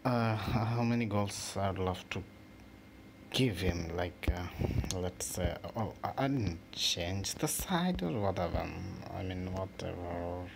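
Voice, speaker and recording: A man hosting a mobile football game channel, giving casual, excitable commentary with swearing and halting restarts over his own play. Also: low voice, gravelly. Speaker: gaming channel host. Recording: noisy home recording.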